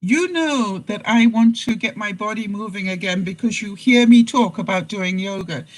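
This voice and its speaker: A woman's voice: medium pitch, normal speed, poor audio. A woman chats to her viewers in a loose, homey way. She speaks bluntly and breaks into laughter often. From Canada. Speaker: vlogger. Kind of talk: casual live chat to viewers.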